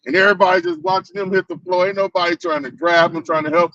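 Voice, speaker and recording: A man's voice: sits high, steady tone, fast, bright, forceful tone, muffled recording. A man in a casual group talk, telling a story in a laid-back, slangy way. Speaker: fellow member of the camp.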